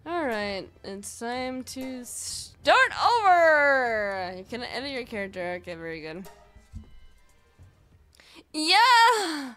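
A woman's voice: high voice, big pitch swings, slow, long pauses, fairly bright tone, faint music behind. A woman streaming a game live, chatting casually, swearing freely and talking back to the game and her chat.

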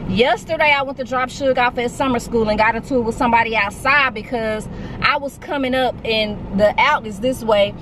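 A woman in her early forties telling a casual storytime vlog, candid and animated, quick to vent. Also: fairly high pitch, background noise. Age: 40s. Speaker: vlogger.

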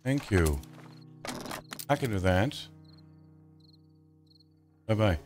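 Slow, lively man narrating gameplay. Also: lowish voice, music in the background. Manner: chatty, talks to enemies, mock annoyance. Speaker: gaming channel host. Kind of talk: casual gameplay commentary.

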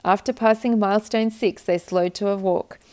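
A woman reading a children's picture book aloud with gentle, expressive narration. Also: medium pitch, normal speed. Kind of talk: storybook read-aloud.

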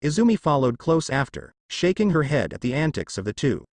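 A man narrating a fan fiction story in a steady storytelling read. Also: a little high, brisk, no echo.

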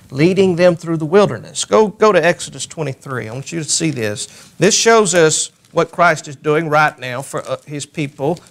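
A male pastor preaching a sermon, lifting his voice when he reads scripture aloud. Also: a bit bright. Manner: rises in pitch and volume when reading scripture aloud.

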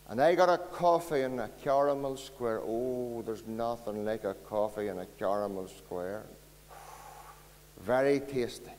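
Speaking to the children present, a Northern Irish pastor gives a folksy, story-driven sermon at a carol service in church. His voice is a little high with a darkish tone, trailed by a long reverb.

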